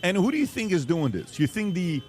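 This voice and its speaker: A man's voice: high voice, big pitch swings, a little fast, darkish tone, faint music behind. A man hosting a talk show, rambling through casual commentary, leaning on fillers and restarts and tossing out questions.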